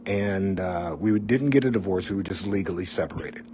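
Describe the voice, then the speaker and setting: Low-voiced middle-aged man telling his story. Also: moderate pace, mellow, a little hiss or hum. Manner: candid and conversational, with asides to the listener. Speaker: former TV weatherman. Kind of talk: personal storytelling.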